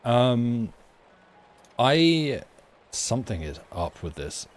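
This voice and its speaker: Low-voiced man hosting a casual stream. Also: measured pace, faint music behind. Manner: rambling, explains tech mishaps with many fillers. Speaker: streamer and host. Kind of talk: casual chat on a live stream.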